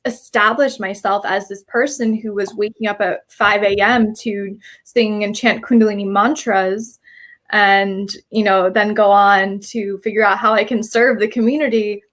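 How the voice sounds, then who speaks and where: A woman's voice: medium pitch, fairly even intonation, measured pace, fairly bright tone. Reflective woman guest who keeps asking "right?". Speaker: spiritual coach and guest. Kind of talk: live-streamed talk show chat.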